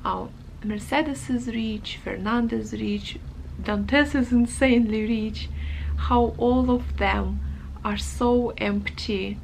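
A woman's voice: fairly high pitch, slow, gravelly, darkish tone, a little hiss or hum, poor audio. A woman book vlogger reflecting thoughtfully on a novel, hedging with many fillers as she works out her thoughts. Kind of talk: reflective reading-vlog chat.

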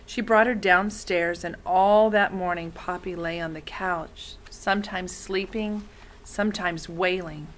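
A woman's voice: fairly low pitch, steady tone, a little slow, slight background noise, low-quality recording. Woman, reading aloud, friendly, explains words along the way. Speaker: reader of a children's novel.

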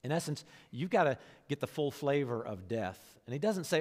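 A man preaching a sermon as pastor, talking conversationally and swinging between hushed, low moments and lively, animated bursts. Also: normal speed, hardly any pauses. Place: church sanctuary. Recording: long hall reverb.

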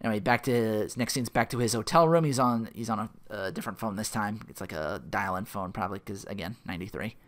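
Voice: medium pitch, fast, hardly any pauses. A reader retelling a film script in a casual, rambling way with many fillers and restarts. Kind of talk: casual script read-aloud.

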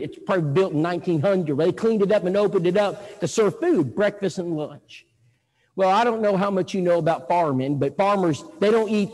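A man preaching a sermon, telling folksy stories and acting out other people's voices. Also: sits high. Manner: folksy, animated storytelling, acts out voices. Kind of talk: sermon with storytelling. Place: church auditorium. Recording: echoey hall.

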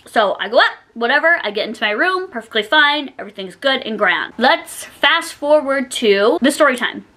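A woman's voice: high voice, animated, moderate pace, pushed and bright. A woman vlogger telling a storytime in a chatty way, with many "like" fillers. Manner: chatty, heavy use of "like" fillers. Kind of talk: storytime vlog.

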